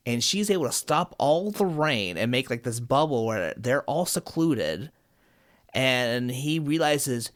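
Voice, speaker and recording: A man co-hosting a podcast, retelling a cartoon episode with lively acted-out quotes. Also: medium pitch, unhurried. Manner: animated storyteller, acts out quotes. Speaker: podcast co-host. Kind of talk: casual podcast chat, recapping a show.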